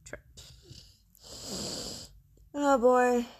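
A woman's voice: flat delivery, extremely slow. A young woman playing a murder mystery game, reacting dramatically with swearing, gasps and talking to herself. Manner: dramatic, swears and talks to herself, sudden high shrieks and gasps. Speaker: player.

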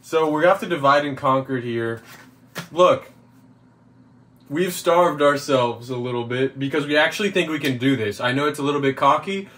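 A man's voice: on the high side, normal speed, fairly bright tone, slight background noise. A young man from Toronto, co-hosting a casual mukbang, laid-back and joking, rambling with lots of fillers. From Toronto, Canada. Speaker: co-host. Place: indoors, sitting on the floor.

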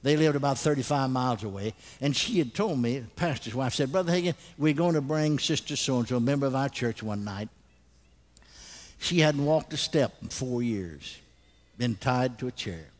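An older man preaching a sermon, telling stories animatedly and bursting into loud acted laughter. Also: medium pitch, lively intonation, moderate pace.

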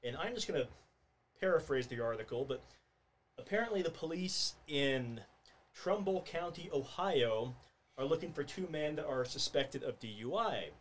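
Man, podcast co-host, slightly high voice, chuckling storyteller, noisy background. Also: animated, moderate pace. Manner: laughs often while telling stories. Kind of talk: casual chat, reading out a news story.

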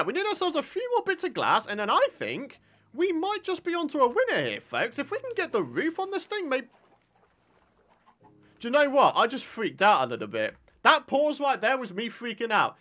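Upbeat high-voiced male game streamer. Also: pushed and bright. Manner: chatty, upbeat, reads and answers chat. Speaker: livestreamer. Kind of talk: live gameplay commentary with chat.

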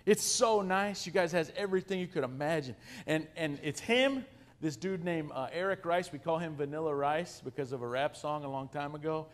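Guest speaker, male, 40s, high voice; animated self-deprecating storyteller working a church audience. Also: normal speed. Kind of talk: humorous storytelling to a congregation.

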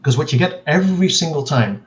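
A man speaking as a linguist guest in an interview, explaining in a measured way and acting out quoted examples. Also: a little high, lively intonation, poor audio.

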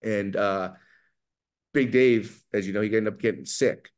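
A middle-aged man with a New York accent, talking fast and loud as he tells animated stories in an interview. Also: on the low side. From New York area. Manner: fast, loud, animated storyteller who acts out quotes. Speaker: guest, pizza maker. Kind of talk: storytelling in an interview.

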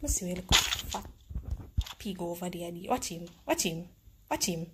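A woman with a Jamaican accent commenting live on her game, excitable and teasing her opponent. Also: on the low side, a little slow, very noisy. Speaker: game streamer.

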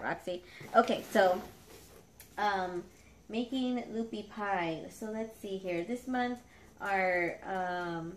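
A young woman casually chatting as she unboxes a dog subscription box, excitable and gushing, stopping to talk to her dogs. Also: medium pitch, a little hiss or hum. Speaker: dog channel vlogger.

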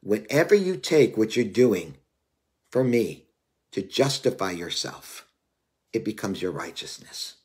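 A man voicing God as a calm, stern presence who speaks slowly and quietly to correct him. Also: lowish voice. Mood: solemn rebuke.

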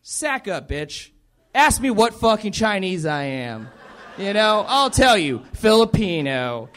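High-voiced young man doing stand-up. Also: very animated, takes it slowly, a bit bright. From Southern United States. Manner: profane, rambling, laughs at own jokes. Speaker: stand-up comedian. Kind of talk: stand-up set.

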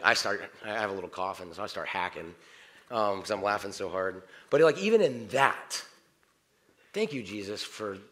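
A middle-aged man preaching a sermon in a church. His talk is conversational, and he swings between quiet prayer and animated outbursts. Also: fairly low pitch. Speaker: pastor. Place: church sanctuary.

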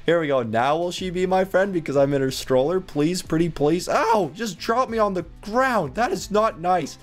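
Excitable young man with gaming commentary. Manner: reads chat in a slow, dopey voice; excitable, laughs often, jumps higher when panicked. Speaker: gaming video host. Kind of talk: gameplay commentary. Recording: faint background music.

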